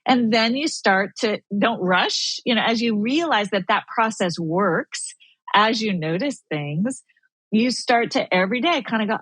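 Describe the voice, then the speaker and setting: A woman guest in a casual faith-based conversation, animated and acting out her own inner thoughts. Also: mid-range voice, a little slow, dry recording. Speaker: podcast guest.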